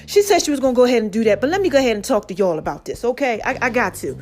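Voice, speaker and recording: A woman's voice: a little high, animated, very fast, a little mellow, soft background music. A woman hosting her own podcast, telling a story in a chatty way and talking straight to her listeners. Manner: chatty, addresses listeners directly as "baby" and "y'all". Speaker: podcast host. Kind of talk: casual storytelling monologue.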